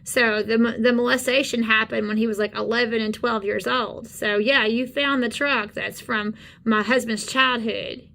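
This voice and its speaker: A woman, co-hosting a channel, talking indignantly and haltingly in casual commentary on videos. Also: on the high side, steady tone, gravelly, bright, forceful tone. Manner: indignant, halting with many fillers. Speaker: channel co-host. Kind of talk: casual commentary on screen content.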